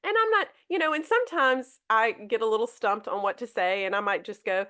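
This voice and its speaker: A woman teacher leads a live podcast lesson in a fairly high voice. She talks in a loose, chatty way, stumbling and restarting her sentences as she goes. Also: a little fast, few pauses, pushed and bright, smooth. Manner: chatty, hesitant, many restarts.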